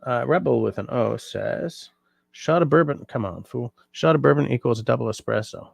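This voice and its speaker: Drowsy man, gravelly low voice, dry close sound, rambling livestream chat. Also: moderate pace, dry recording. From Canada. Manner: relaxed, rambling with restarts. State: sleepy, yawning. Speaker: livestream host. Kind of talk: casual livestream chat reading comments.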